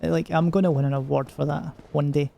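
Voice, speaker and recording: A man's voice: a little high, level tone, brisk, vocal fry, warm tone, a little hiss or hum. A young man with a semi-Glaswegian Scottish accent, chatting casually and jokily with lots of fillers while streaming a game. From Scotland. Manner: rambling, jokey, many fillers. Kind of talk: casual chat while gaming.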